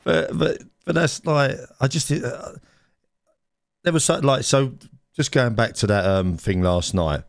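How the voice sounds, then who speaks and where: A man co-hosting a casual podcast, recorded live indoors, rambles through stories, restarting sentences, repeating words and laughing at his own tales. His mid-range voice is gravelly and unhurried, with no echo.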